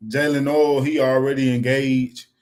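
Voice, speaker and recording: Animated man talking football. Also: medium pitch, a little slow. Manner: animated, repeats "you know what I'm saying". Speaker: fan podcast co-host. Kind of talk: casual fan chat.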